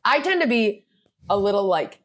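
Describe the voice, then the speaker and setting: A woman's voice: medium pitch, very animated, normal speed, a bit bright. A young woman, a comedian guest on a podcast, telling a rambling, self-deprecating story in casual chat.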